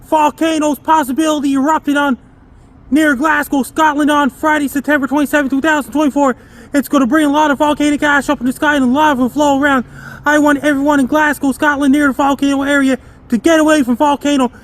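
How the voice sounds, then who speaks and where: A man giving a repetitive, earnest weather warning and then listing his social media handles in the same even tone. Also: very high-pitched, fast talker. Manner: repeats warnings and dates, flat delivery. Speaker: amateur weather forecaster.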